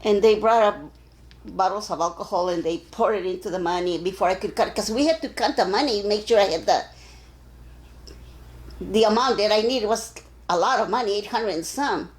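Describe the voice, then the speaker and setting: An older woman from Arizona being interviewed, telling stories in a casual, animated way and acting out the voices of the people in them. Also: medium pitch, a little fast, low-quality recording. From Arizona, USA. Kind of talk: casual storytelling.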